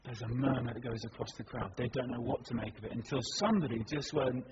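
A man preaching a sermon as a dramatic story, shifting between hushed and loud, at a church service. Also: mid-range voice, quick pace, big-room sound. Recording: dull recording with background noise.

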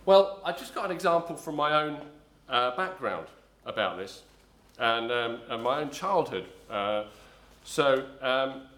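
A man's voice: mid-range voice, animated, a little slow, hardly any pauses, fairly bright tone, reverberant. A middle-aged man from south-east London preaching a sermon, telling a rambling personal story with many ums and restarts. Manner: rambling, self-correcting storyteller, frequent ums.

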